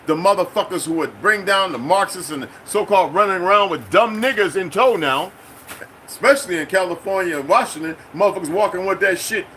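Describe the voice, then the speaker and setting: A man's voice: high-pitched, bright, forceful tone, slight background noise. Profane, heated man ranting. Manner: mimics other people in quoted exchanges. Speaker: channel host. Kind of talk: unscripted political rant.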